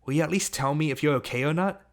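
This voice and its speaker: A man's voice: fairly high pitch, fast, natural voice. A man voicing a timid, nerdy teenage boy in an audiobook, speaking hesitantly. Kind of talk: audiobook character reading.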